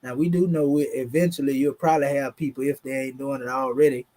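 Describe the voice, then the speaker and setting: A man's voice: mid-range voice, fairly even intonation, fast talker, dark tone. A man with a Southern US drawl giving a casual, emphatic online lesson, talking through charts in a slangy, conversational way. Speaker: teacher.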